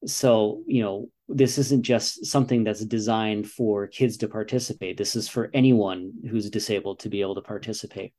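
Mellow-voiced American man in his forties. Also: lowish voice, steady tone, normal speed, hardly any pauses. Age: 40s. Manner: earnest, explaining with repeated "you know". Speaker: guest, father and runner. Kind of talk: casual interview talk.

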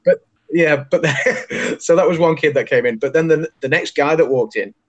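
A man's voice: on the high side, normal speed. A man from England, a podcast co-host chatting casually and telling anecdotes with frequent laughter. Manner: chatty storyteller, laughs often, lively when telling anecdotes. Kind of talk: casual chat.

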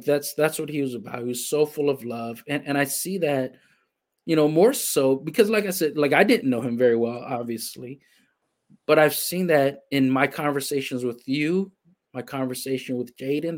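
A man hosting a broadcast interview, talking in a reflective, halting way with many restarts. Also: medium pitch. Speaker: host. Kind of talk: interview conversation, livestream.

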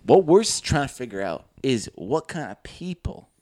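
A man's voice: mid-range voice, sing-song, normal speed, a little mellow. A man co-hosting a casual podcast, telling a story animatedly with acted-out quotes and swearing. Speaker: podcast co-host. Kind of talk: casual chat.

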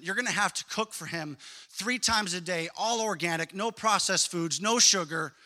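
A man voicing a calm, matter-of-fact male doctor delivering bad news. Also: high voice.

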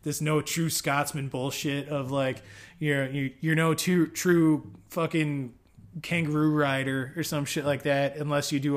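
A man's voice: a little high, a bit bright. Profane, rambling man explaining homebrewing. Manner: rambling, profane, frequent fillers. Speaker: homebrewing show host. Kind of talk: casual explainer monologue.

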